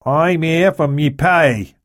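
An actor playing a worn-out young woman club worker, speaking flat and slow. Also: a little high, dry recording, clean studio sound, pitched above the performer's own voice. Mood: weary.

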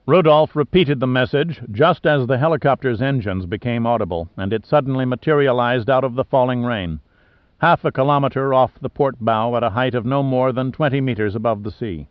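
A man's voice: medium pitch, brisk, dry recording. Man reading an adventure novel aloud. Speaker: audiobook narrator. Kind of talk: scripted narration. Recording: dull dry studio audio.

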